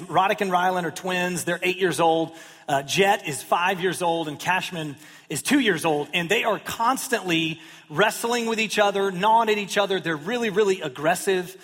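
A man in his thirties preaches to his congregation in an easy, joking way, acting out little quotes along the way. His voice sits high for a man. The sound carries a long reverb, as if from a large church sanctuary. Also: a bit bright. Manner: conversational, self-deprecating humor with acted-out quotes. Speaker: pastor. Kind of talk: sermon.

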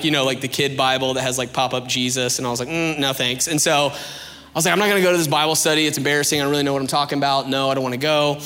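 A young man preaching and telling his own story in a casual, animated way, with lots of "like" and "you know". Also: mid-range voice, in a large hall. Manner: conversational, animated storytelling with many fillers. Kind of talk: sermon with personal testimony.

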